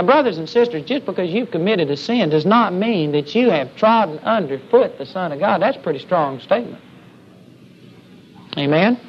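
A man's voice: high-pitched, a bit bright. A man preaching a sermon with emphasis, often calling out "amen?" to the congregation. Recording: dull lo-fi sermon recording with faint hiss.

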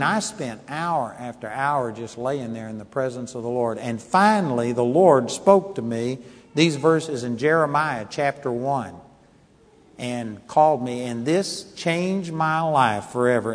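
Man preaching in a reverberant hall. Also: mid-range voice. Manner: earnest, builds to emphatic scripture reading. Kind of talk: sermon testimony. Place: church hall.

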